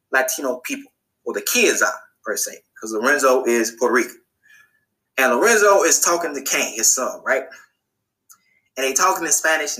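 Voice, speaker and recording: Dude recapping a tv episode on his podcast, chatty and repetitive, bright tense tone. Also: rough recording. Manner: animated, acts out characters' lines in a higher voice; colloquial, repeats phrases for emphasis. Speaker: podcast host. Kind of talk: casual TV recap monologue.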